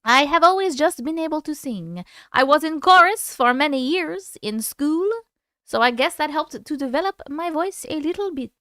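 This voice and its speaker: A woman's voice: sits high, expressive, moderate pace, bright, forceful tone, no room sound, studio quality. A woman in her thirties hosting a livestream, chatting playfully with viewers and reading their stories aloud. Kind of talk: casual live chat and story reading.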